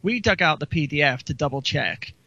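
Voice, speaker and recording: Male podcast co-host, gravelly, rambling with ums, dull lo-fi sound. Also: on the high side, expressive, brisk, pushed and bright, no room sound. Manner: rambling, with frequent ums and restarts. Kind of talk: casual political chat. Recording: dull lo-fi recording.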